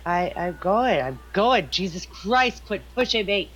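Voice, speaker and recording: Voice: medium pitch, expressive, a little slow, a bit bright, muffled recording. A gaming friend on voice chat, blunt and argumentative, swearing as they make their case.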